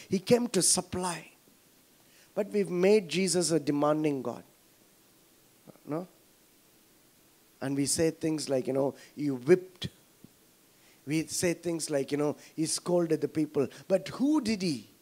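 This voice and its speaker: A pastor with a Tamil-flavoured Indian accent delivers a sermon in a notably high voice for a man. He keeps turning to the congregation with questions, coaxing agreement as he preaches. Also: expressive, unhurried, long pauses, a little mellow. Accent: Indian English, Tamil.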